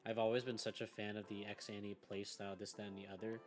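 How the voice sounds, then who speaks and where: A man's voice: lowish voice, flat delivery, quick pace. A young man chatting casually about card games, rambling, swearing freely and laughing often. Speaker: team member on a gaming podcast. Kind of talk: casual chat.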